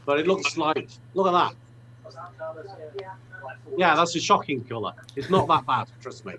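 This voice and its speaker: A man's voice: on the high side, animated, moderate pace, crowd noise, poor audio. A man hosting a video call chat, friendly, with hesitant restarts. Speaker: host.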